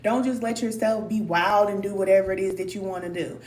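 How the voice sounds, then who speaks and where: With a steady, darkish mid-range voice, she speaks a little fast. A spiritual teacher on a live stream, she uses loose colloquial speech to encourage viewers, calling them cousin and repeating for emphasis. Expect an echoey room, a distant mic and a faint hum.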